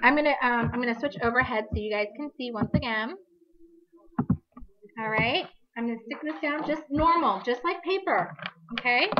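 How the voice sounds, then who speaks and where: Her voice fairly high and a little worn, a woman on the verge of losing her voice leads a live crafting demo at normal speed. Upbeat and talkative, she corrects herself along the way, and the lo-fi audio carries a little hiss or hum.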